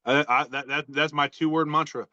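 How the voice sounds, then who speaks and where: A man's voice: fairly high pitch, fairly even intonation, brisk, pushed and bright, no room sound, lo-fi sound. A man co-hosting a casual podcast, reading out social media posts with a joking, rambling delivery and lots of fillers. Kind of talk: casual chat.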